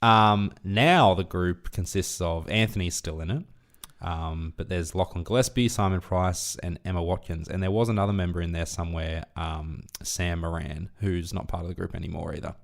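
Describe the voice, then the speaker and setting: Laid-back Australian man, very low voice. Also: normal speed, creaky. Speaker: podcast co-host. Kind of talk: casual chat.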